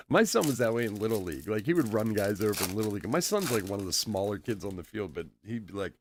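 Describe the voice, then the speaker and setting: A man's voice: lowish voice, animated, normal speed. A middle-aged man hosting a live card break, chatting casually and telling stories with frequent laughs while calling out cards. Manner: chatty storyteller, laughs often, calls out cards. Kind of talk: casual live-stream chat while opening card packs.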